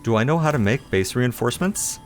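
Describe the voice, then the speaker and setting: A man's voice: mid-range voice, lively intonation, a little fast, soft background music. A man giving casual commentary while playing a game, chatty and playful, talking to himself and teasing himself as he goes. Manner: self-deprecating, playful. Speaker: let's play host.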